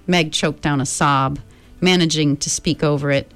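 A woman reading a story aloud in a calm, measured narrating voice. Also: low voice, faint music behind. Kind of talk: audiobook narration.

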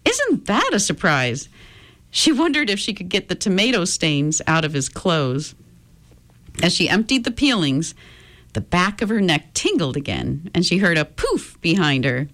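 A woman reading a children's chapter book aloud in a gentle, expressive storytelling manner. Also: fairly low pitch, normal speed.

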